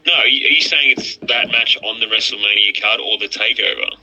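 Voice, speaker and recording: Gravelly, bright-toned man on a lo-fi mic. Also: on the low side, fairly quick. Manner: crude, stammering restarts. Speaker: podcast guest. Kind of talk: casual podcast chat. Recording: lo-fi muffled mic.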